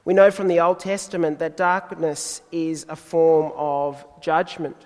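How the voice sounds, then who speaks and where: A man preaching a sermon in a measured, deliberate way, pausing for emphasis. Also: on the high side, little pitch movement, darkish tone, in a large hall.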